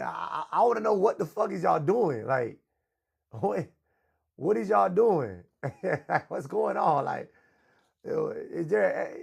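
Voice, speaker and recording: This man's voice is on the high side, creaky with a breathy edge. As host of a livestream talk show, he rants loudly, crudely and boastfully.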